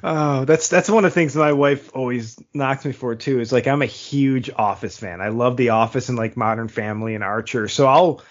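A man's voice: medium pitch, moderate pace, hardly any pauses. A man in his thirties hosting a podcast, chatting casually in rambling stories that he laughs through. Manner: rambling, laughs often between phrases. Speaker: podcast host. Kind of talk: casual chat. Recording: dull lo-fi recording.

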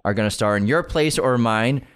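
A man's voice: mid-range voice, moderate pace, clear, resonant tone. A man co-hosting a movie news show, reading out items and joking with his co-host. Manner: relaxed, joking, reads news items aloud. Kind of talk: casual chat.

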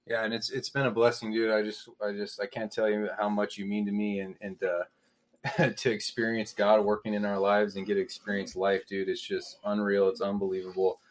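A man's voice: lowish voice, level tone, moderate pace. Man, earnest, emotional, casual heartfelt chat, says dude a lot.

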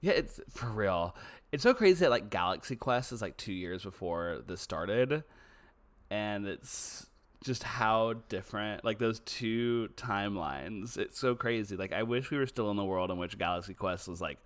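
A man's voice: fairly low pitch, lively intonation, normal speed. A man co-hosting a podcast in casual chat, rambling and joking with many filler words. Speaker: podcast co-host.

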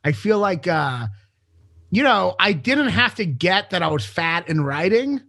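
Man, casual chat, self-deprecating, husky voice, high and lively pitch. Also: measured pace. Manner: self-deprecating, animated, stammers on restarts.

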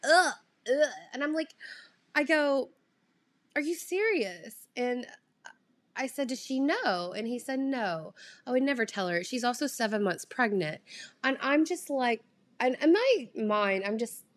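A young woman vlogger telling a casual storytime, chatty and animated, full of fillers and the odd swear. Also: fairly high pitch, measured pace.

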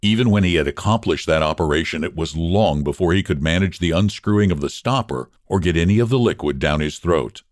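A man narrating a story in an expressive, measured reading. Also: deep voice, no echo, studio quality.

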